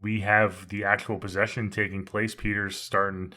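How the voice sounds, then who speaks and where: A man's voice: on the low side, little pitch movement, moderate pace, bright, forceful tone. A man co-hosting a podcast, talking through a horror film in a laid-back way with casual swearing. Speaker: podcast co-host. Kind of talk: casual movie review chat.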